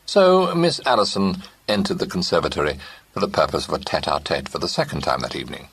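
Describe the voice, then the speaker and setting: A man narrating a classic mystery novel as an audiobook, in measured scripted storytelling. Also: sits low, expressive, gravelly, fairly bright tone, husky.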